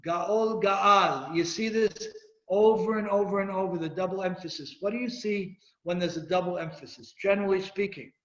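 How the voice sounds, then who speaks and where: High-pitched rabbi teaching torah class, quizzing students, dull lo-fi echoey recording. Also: male voice, fairly even intonation, moderate pace. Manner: reads Hebrew verses then explains them, quizzes students. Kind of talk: Torah class lecture with questions. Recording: echoey room, dull lo-fi sound.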